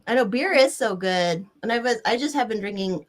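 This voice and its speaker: A woman's voice: on the high side, expressive, a little fast. A woman guesting on a podcast in casual chat, talking freely and swearing often.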